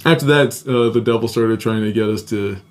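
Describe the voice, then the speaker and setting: A man's voice: on the low side, brisk. A young adult man hosting a podcast, telling a personal story in a casual, profane way, laughing often and acting out quotes in a raised voice. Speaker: podcast host.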